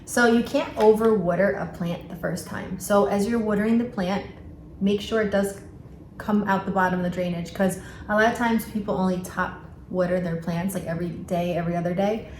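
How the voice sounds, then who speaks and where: A woman with a New York accent talks viewers through plant care in a loose, chatty way, often stopping to correct herself. Her voice sits at an ordinary middle pitch. The room sounds echoey, and a steady background noise runs under her voice. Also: brisk. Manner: chatty, with frequent fillers and self-corrections. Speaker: plant vlogger. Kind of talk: casual how-to vlog.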